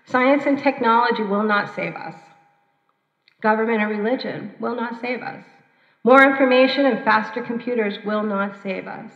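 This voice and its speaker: A woman performing a personal story at an open mic, measured and reflective, with dramatic pauses. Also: a little high. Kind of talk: spoken-word personal storytelling. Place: church hall. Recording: roomy, dull church hall recording.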